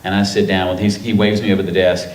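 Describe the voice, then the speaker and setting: Deep-voiced man telling rambling stories. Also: level tone, fast, a little mellow. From North Carolina. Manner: rambling, emotional, acts out quotes. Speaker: author on festival panel. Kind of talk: anecdotal storytelling to an audience. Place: festival stage before a live audience. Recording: echoey hall with faint noise.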